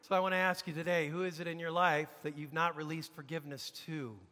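A man preaching a sermon as pastor, emphatic, dropping to a hush and rising to loud peaks. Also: fairly high pitch, little pitch movement, fast. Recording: long reverb of a large hall.

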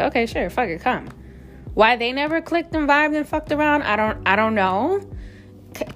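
A woman host telling a personal story in a candid, chatty way, with frequent swearing. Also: medium pitch. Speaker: podcast host. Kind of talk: casual storytelling monologue.

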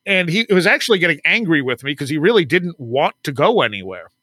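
A male author and paranormal researcher, guesting on an interview podcast, tells stories in a chatty way, acting out quoted dialogue and laughing a lot. His voice is fairly high, very animated, brisk, pushed and bright, captured in a dry recording.

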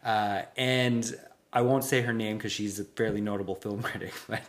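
A man's voice: fairly even intonation, moderate pace. Blunt, profane male podcast co-host. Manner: blunt, profane, drifts low and quiet in asides. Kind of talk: casual chat.

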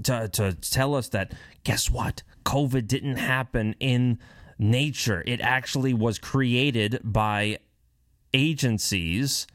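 Animated, sarcastic male commentator. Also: mid-range voice, dry recording, clean studio sound. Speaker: political commentator. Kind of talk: reading and commenting on news.

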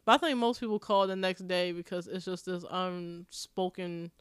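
A woman's voice: lowish voice, fairly even intonation, moderate pace, clear, resonant tone, no room sound. A young woman from Maryland co-hosting a podcast, chatting casually and bluntly, telling stories and cursing freely. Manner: blunt, storytelling, curses freely. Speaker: podcast co-host. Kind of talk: casual chat.

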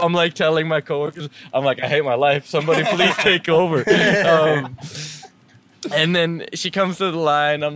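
Laughing young man spinning a story. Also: fairly high pitch. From Middle East. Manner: animated, laughing storyteller acting out both sides of conversations. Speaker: podcast host telling a story. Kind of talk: casual storytelling chat.

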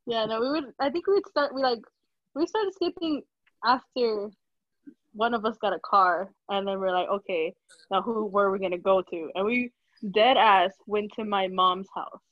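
A young woman in casual chat, relaxed and candid, laughing often. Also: mid-range voice, moderate pace, no room sound. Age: young adult. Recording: dry, dull lo-fi mic.

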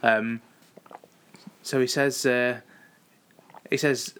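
A man's voice: mid-range voice, a little fast. Man, thirties, casual podcast chat, laid-back, dry wit, storytelling. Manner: laid-back, dry humour, tells anecdotes. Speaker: podcast co-host.

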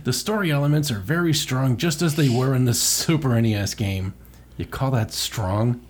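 A man with a somewhat husky voice reading game reviews on a casual podcast. He mocks each one with sarcastic, crude asides. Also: medium pitch, normal speed. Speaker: podcast co-host.

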